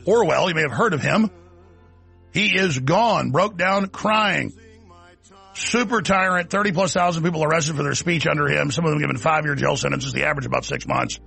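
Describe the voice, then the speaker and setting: A man's voice: on the high side, moderate pace, vocal fry, bright, forceful tone, husky, soft background music. A man hosting a talk show, delivering a sarcastic, ranting monologue. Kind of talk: opinionated monologue.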